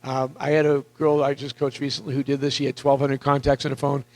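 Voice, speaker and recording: Gravelly man coaching a room, voice worn. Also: medium pitch, fast talker, no echo, low-quality recording. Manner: energetic, repetitive, audience questions. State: losing his voice. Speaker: real estate coach. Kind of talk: live seminar talk.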